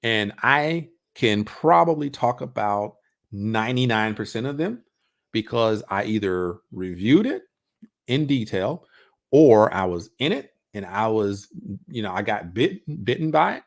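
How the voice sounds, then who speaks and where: Lively, animated man talking to his viewers. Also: on the low side, unhurried, creaky. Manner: animated, repeats words, rhetorical questions. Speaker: coach hosting a livestream on passive income. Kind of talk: casual livestream talk.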